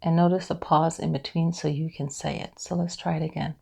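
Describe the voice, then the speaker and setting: A woman leading a guided tapping class, explaining gently and then repeating soft affirmations for listeners to follow. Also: sits low, little pitch movement, brisk, gravelly, slightly rough. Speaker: EFT tapping instructor.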